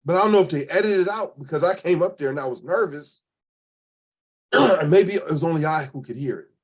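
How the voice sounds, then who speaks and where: A man's voice: fairly high pitch, animated, moderate pace. A man from Cleveland, a spoken word poet, telling stories as an interview guest in a casual, colloquial way, acting out the voices of people he quotes. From Cleveland, Ohio.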